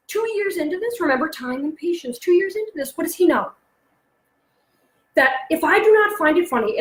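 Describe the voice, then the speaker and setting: A woman in her thirties presenting alone to parents, chatty and animated, acting out her son's jokes as she goes. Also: sits high, reverberant, poor audio. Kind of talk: solo online talk to parents. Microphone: close mic, alone presenting online.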